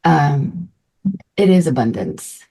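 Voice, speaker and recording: A middle-aged woman coaches a spiritual group in a slow, unhurried flow. Her voice sits low for a woman. She is effusive and emotional, and now and then drops into soft, breathy asides. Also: animated. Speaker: meditation and manifestation coach.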